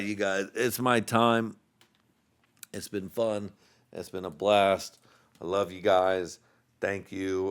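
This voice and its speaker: A man's voice: deep voice, smooth. A man hosting a casual podcast, telling stories in a rambling, profane way with bursts of laughter, a little tipsy from drinking. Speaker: podcast host.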